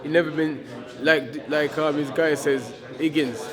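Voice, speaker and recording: A man's voice: on the high side, fairly even intonation, measured pace, crowd noise. A man, a heavyweight boxer in a casual press interview, talking defiantly and repeating himself, stumbling over words.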